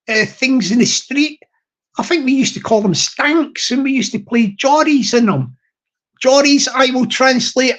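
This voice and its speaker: A man's voice: extremely high pitch, a bit bright. Rambling, jokey Glaswegian man. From Glasgow, Scotland. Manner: rambling, jokey, repeats himself, laughs often. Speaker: YouTube live streamer. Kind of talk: casual live-stream chat.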